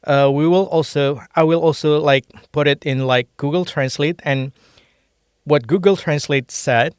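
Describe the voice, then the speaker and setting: A man's voice: a little high, steady tone, a little slow, smooth, no echo, studio quality. A man from Indonesia with an Indonesian accent, teaching a casual language lesson and explaining with many fillers and restarts.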